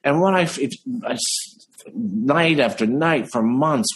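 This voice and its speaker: Male guest, husky tone, mid pitch, animated anecdotal delivery with deliberate slow beats. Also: rough recording. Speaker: impressionist guest. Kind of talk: casual interview chat.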